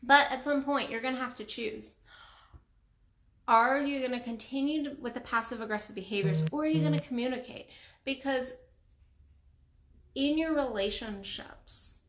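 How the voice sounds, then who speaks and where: A woman relationship coach speaking straight to her viewers in an emphatic, casual way, repeating phrases for weight and slipping into quoted voices. Her voice sits a little high, and the room gives it a clear echo. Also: a bit bright. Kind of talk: casual vlog monologue. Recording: roomy echo.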